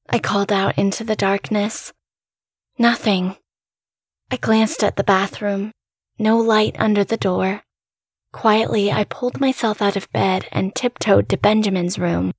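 Casting: woman narrator for a horror story, slow and tense, dry close-mic studio voice. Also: mid-range voice, no echo. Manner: tense, dramatic first-person delivery. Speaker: narrator and host.

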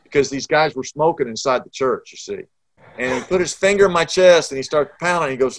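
A man's voice: on the high side, fairly quick. A middle-aged man, a pastor telling a story in an interview and acting out the dialogue.

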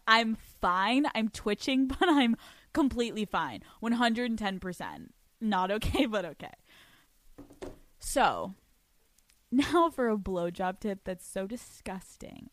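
A young woman hosting her own podcast, swearing freely and laughing as she talks. Her voice sits at an ordinary middle pitch for a woman. The sound is close and dry, with no room echo. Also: lively intonation. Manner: brash, profane and rapid, with frequent laughs. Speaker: podcast host. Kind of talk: solo podcast rant and sex-advice talk.

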